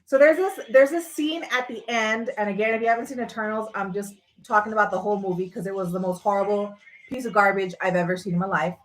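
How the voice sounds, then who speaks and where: A woman hosting a livestream rants casually and sarcastically, swearing freely. Her voice is mid-range and quick, and the audio is poor.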